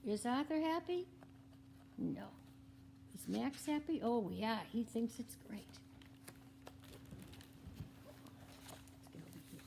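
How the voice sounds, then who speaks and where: Woman reading a picture book to kids, high voice, slow unhurried delivery, animated, whispery asides. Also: creaky, background noise. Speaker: library guest reader.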